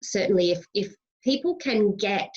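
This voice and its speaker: A woman's voice: medium pitch, lively intonation, moderate pace, a little mellow, lo-fi sound. An Australian woman hosting a podcast interview, talking in a gushing, chatty way and giggling often. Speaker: podcast host. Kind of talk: casual interview chat.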